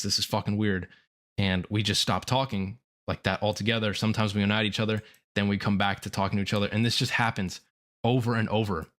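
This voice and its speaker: Young man, low-pitched, remorseful, halting, swears a lot, livestream confession. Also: a bit bright. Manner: remorseful, halting, profane, filler-heavy. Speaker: streamer.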